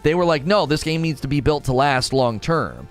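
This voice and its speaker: A man co-hosting a casual gaming chat, ranting in an animated, emphatic way. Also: on the high side, normal speed, faint music behind. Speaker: podcast co-host.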